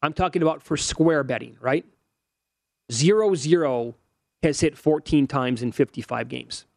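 A man's voice: a little high, measured pace, vocal fry, no echo. A man in his forties, co-hosting a sports betting show and working through odds and stats in casual chat. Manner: analytical, rattles off odds and stats.

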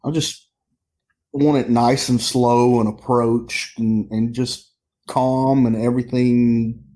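A sheriff's deputy recounts a call in an interview. His voice is mellow and relaxed, and he talks haltingly, repeating and restarting his words. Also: medium pitch. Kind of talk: interview storytelling.

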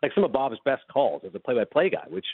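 Fast-talking man on a phone line. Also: medium pitch, creaky, slightly rough, dry recording. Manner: animated, fast anecdote telling with acted-out dialogue. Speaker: radio guest. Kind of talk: casual storytelling chat. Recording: dry phone-line sound.

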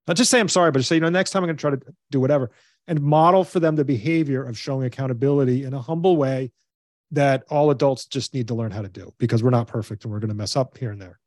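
A man talks as a guest parenting coach, earnest and advisory, speeding up in quick bursts as he explains. His voice is dry and close, with little room sound. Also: medium pitch, darkish tone, dry recording. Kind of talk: conversational interview.

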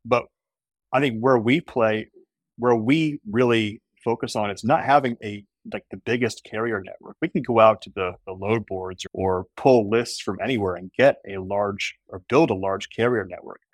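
A man's voice: on the low side, moderate pace, no echo, studio quality. A man who is a guest on a podcast, explaining his business in an earnest, agreeable way. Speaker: guest, company co-founder. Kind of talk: casual podcast conversation.

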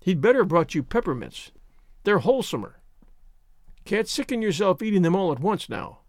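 A brisk, no-nonsense older spinster, as a male storyteller puts her on, scolding as she goes. The read is close and dry, with plenty of pitch movement. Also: sing-song, darkish tone, dry recording. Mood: stern. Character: stern, practical older spinster woman.

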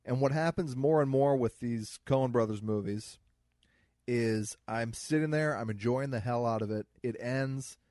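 A man's voice: medium pitch, a little slow, warm tone, dry recording, clean studio sound. A man from the American Midwest, co-hosting a podcast film commentary in a joking, rambling, casual chat. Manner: wry, joking, rambling storyteller. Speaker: podcast co-host.

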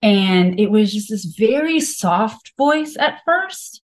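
A woman's voice: medium pitch, expressive, slow pace. A woman physician, a podcast guest, telling her own story candidly and frankly, with many filler words. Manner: frank, confessional, heavy use of filler words.

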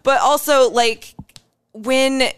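A woman co-hosting a casual fitness chat, blunt and animated, swearing freely as she gives coaching advice. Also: sits high, slow, clean tone.

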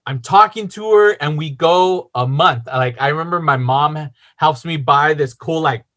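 Bright-voiced man telling a rambling story. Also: fairly high pitch, normal speed. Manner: rambling, heavy fillers, swearing. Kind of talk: casual storytelling.

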